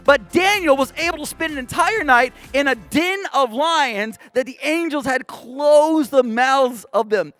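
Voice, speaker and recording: An American man, a children's pastor, telling a Bible story to kids in a playful, animated way, with goofy voices and roars. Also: extremely high pitch, measured pace, hardly any pauses.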